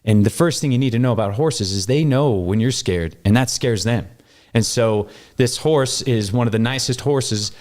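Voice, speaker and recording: A man from Wyoming telling a long story in casual conversation, animated and jumping up in pitch when he acts out what people said. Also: normal speed, hardly any pauses. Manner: animated, acts out quoted voices with big pitch jumps. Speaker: guest.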